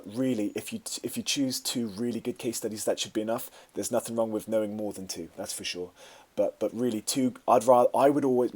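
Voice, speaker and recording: Male teacher, lowish voice, relaxed live-stream Q&A, lots of ums. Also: husky. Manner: conversational, answers viewer questions with many fillers. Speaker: media studies teacher.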